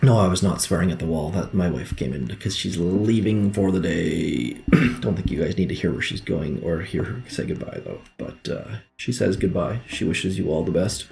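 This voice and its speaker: A man's voice: deep voice, moderate pace, creaky, darkish tone. A young man giving casual gameplay commentary from home, muttering frustrated, self-deprecating remarks as he plays. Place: home room.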